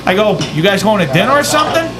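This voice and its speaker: A man's voice: high voice, sing-song, very fast, low-quality recording. A man, co-hosting a podcast, who tells teasing, profane stories in casual sports chat. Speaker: podcast co-host.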